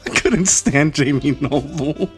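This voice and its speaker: Slow-talking laughing male podcast host. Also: fairly high pitch, soft background music. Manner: laughs often, swears, says "bro" and "man". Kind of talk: casual chat.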